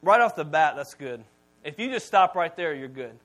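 A man in his thirties, a pastor preaching a sermon in a conversational, storytelling way, swinging between loud and soft. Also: a little high, animated, fairly quick.

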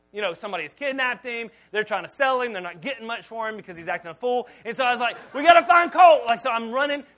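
A man's voice: high voice, rough recording. A male pastor preaching a sermon, telling stories with humor and often repeating words as he starts sentences. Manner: animated storytelling with humor.

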